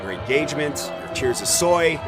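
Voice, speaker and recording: A man's voice: on the high side, expressive, normal speed, a crowd in the background. A man hosting a video commentary show, brash, profane and mocking as he narrates crime clips. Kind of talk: crude comedic commentary over videos. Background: loud music.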